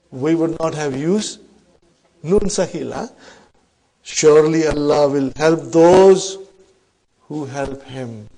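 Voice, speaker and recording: Man, fairly high voice, Arabic grammar lesson, English explanations, keeps checking with the class. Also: dark tone. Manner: checks in with the class, asking "huh?" and "are you with me?"; recites Quranic Arabic quickly, then explains in English. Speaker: Arabic teacher.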